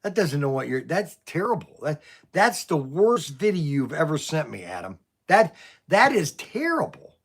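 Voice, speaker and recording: A man's voice: fairly high pitch, sing-song, normal speed, slightly rough. A middle-aged man who owns a toy shop, rambling and stammering through livestream stories and frustrations. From Ohio. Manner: stammering, restarts often, venting.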